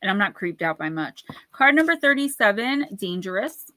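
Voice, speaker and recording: A woman talks casually to her livestream viewers, chatty and quick to laugh as she reads oracle cards aloud. Her voice is bright and forward. It sounds close and dry, with no room echo. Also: mid-range voice, very animated. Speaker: livestream oracle card reader and author. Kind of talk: casual livestream chat and card reading.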